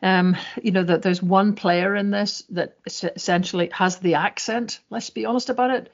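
A woman's voice: medium pitch, steady tone, moderate pace. A woman co-hosting a political podcast in a mid-range voice. She talks in a chatty, wry way with lots of fillers, and the recording sounds dull and lo-fi. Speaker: podcast co-host. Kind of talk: political discussion.

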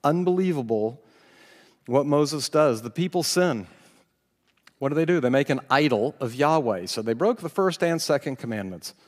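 A man's voice: medium pitch, expressive, moderate pace, darkish tone, long reverb tail. A man preaching a sermon, reading scripture aloud with dramatic voices and chuckling as he comments. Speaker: pastor.

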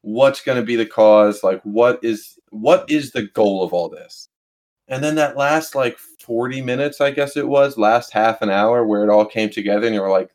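A man's voice: medium pitch, normal speed, a little mellow. A man co-hosting a casual film chat, ranting in an exasperated, profane way.

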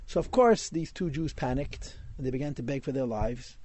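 A man's voice: mid-range voice, lively intonation, moderate pace, warm tone, no echo. A man telling a Hasidic story in a class, mixing in Yiddish and Hebrew words.

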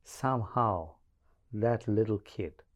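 A man co-hosting a Bible-study chat, measured and pausing with hesitant fillers. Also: fairly low pitch. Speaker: co-host.

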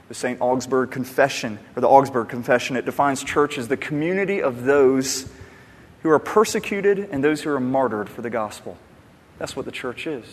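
A pastor giving an emphatic, conversational sermon. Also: male voice, medium pitch. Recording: long hall reverb.

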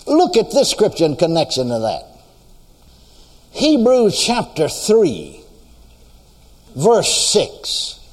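Man, preacher, slightly high and animated voice, fervent and repetitive, long reverb of a big hall. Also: takes it slowly, long pauses. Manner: fervent, exclaims praises between sentences; repeats phrases for emphasis. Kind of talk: sermon.

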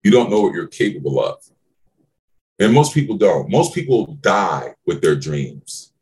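Fired-up preachy man, wildly swinging pitch. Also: very animated, a little slow, a little mellow. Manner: emphatic, preachy, swears freely, swings to high exclaiming questions. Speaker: podcast host and business mentor. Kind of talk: motivational podcast talk.

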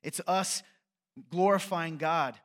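A man's voice: on the high side, slow pace, a bit bright. A man preaching a sermon in a conversational, jokey way, often checking in with the congregation. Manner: conversational, jokey preaching with frequent "right?" asides. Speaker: pastor.

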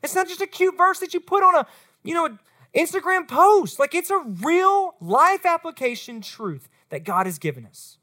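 A woman's voice: very high-pitched, normal speed. A woman, preaching as a youth pastor to middle school students and speaking straight to them. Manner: animated, talks straight to the students.

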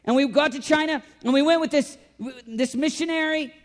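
A man preaching a sermon as pastor, talking in an animated way and swinging from loud emphasis to quiet intensity. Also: very high-pitched, moderate pace. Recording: long hall reverb.

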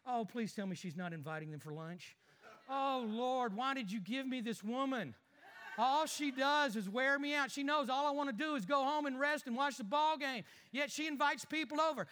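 A petty, grumbling husband in church, as a preacher acts him out mutters gripes and flips to fake cheer. The voice sits high with a sharp, bright edge. It rings in a long, echoey hall. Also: male voice, normal speed, smooth. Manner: muttering complaints under his breath, fake cheer to others. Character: grumbling married male churchgoer, sulky and petty. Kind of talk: comic skit within a sermon.

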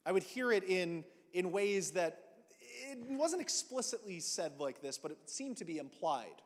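A pastor, a man around his thirties, preaching a sermon in a storytelling way with animated acted asides. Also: sits high, moderate pace. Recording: long hall reverb.

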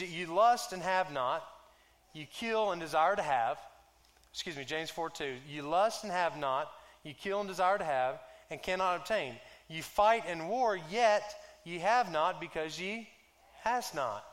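A man preaching a sermon, conversational and joking, who slows right down when reading scripture. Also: high-pitched, fairly bright tone. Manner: conversational and joking, drags out scripture lines slowly. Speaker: pastor.

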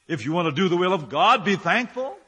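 A man's voice: on the high side, animated, fast talker, a bit bright, slightly rough, long reverb tail. A male pastor preaching a sermon, firing rhetorical questions and building his phrases up with emphasis.

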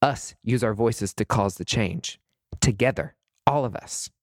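A man's voice: lowish voice, a little slow, no echo, clean studio sound. Impassioned man hosting a podcast. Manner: impassioned, rambling, many restarts and "like"s. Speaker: podcast host. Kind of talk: casual podcast monologue.

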